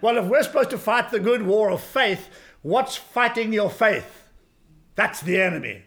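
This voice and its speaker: A man in his sixties preaching a sermon as pastor, folksy and emphatic, swinging from quiet asides to loud exclamations. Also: sits high, animated, normal speed. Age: 60s.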